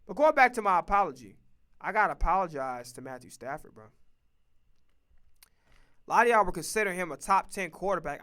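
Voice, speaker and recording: A man's voice: high-pitched, animated, a little fast, long pauses, pushed and bright, smooth. A man streaming, ranting casually and profanely about football picks, emphatic and repetitive. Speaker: streamer and sports commentator. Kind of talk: casual sports opinion rant.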